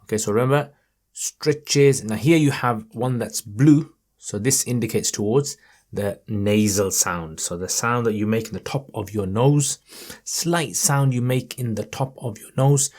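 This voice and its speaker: Male recitation teacher, mid pitch, unhurried, encouraging, models verses slowly. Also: a little mellow. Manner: chants verses in a raised melodic tone. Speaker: Quran reading teacher. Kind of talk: online recitation lesson.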